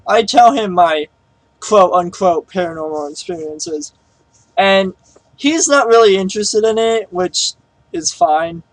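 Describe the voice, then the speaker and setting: A man's voice: sits high, no echo, rough recording. A man telling a personal story in a casual vlog, rambling with lots of fillers and restarts. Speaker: vlogger.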